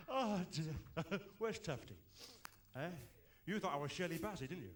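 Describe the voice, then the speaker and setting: Brief: a man doing a bumbling middle-aged comic magician, high and lively, bright voice, chuckles through his gags. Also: slow, noisy background, full character voice. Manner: chuckling, muttering "oh dear" between one-liners. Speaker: tribute comedian. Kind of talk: stand-up comedy with botched magic tricks. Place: stage in a club.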